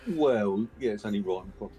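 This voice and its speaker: Brief: relaxed male tabletop player, warm tone, animated pitch. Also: a little fast, soft background music. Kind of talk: casual tabletop play.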